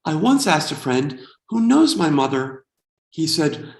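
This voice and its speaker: A man's voice: on the high side, sing-song, measured pace, creaky, reverberant. A man in his forties from the United States, doing a wry, self-deprecating stand-up comedy set. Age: 40s.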